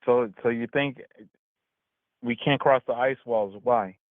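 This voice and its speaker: A man's voice: mid-range voice, unhurried, no room sound. A man in his forties in a casual heated debate, stammering, repeating words and laughing often. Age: 40s. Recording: tinny phone-like call audio.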